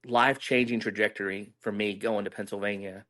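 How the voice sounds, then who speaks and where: A man's voice: fairly low pitch, fairly even intonation, fairly quick, a bit bright. A middle-aged man, candidly telling stories as a guest in a casual interview and acting out the dialogue he quotes.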